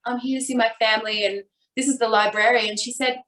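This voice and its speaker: A woman's voice: a little high, steady tone, pushed and bright. A woman in her twenties from Australia, a guest telling her personal story openly and reflectively. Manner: open, reflective, with quick bursts when retelling. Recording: echoey room, voice a bit far from the mic.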